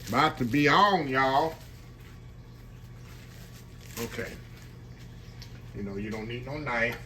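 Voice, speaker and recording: A man's voice: medium pitch, slow, noisy background. Texan guy cooking in his kitchen, talks folksy and says y'all a lot, pots clanking behind. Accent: Texan Southern. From Texas. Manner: folksy, chatty, keeps addressing viewers as y'all. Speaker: cooking channel host. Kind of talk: casual home cooking vlog. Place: home kitchen.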